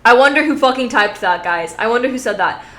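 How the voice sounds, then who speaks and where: A woman streamer chats casually with her viewers, giggling, rambling, and swearing freely. Her voice is on the high side, expressive, and fairly bright, and she speaks fast. The recording has a roomy echo.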